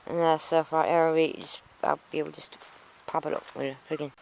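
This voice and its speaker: A woman's voice: sits low, flat delivery, fairly quick, gravelly, a little mellow, slight background noise, rough recording. A woman rambling casually to her vlog camera, frustrated and in pain from a sore tooth. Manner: rambling, frustrated, self-talking. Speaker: vlogger. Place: outdoors in a yard.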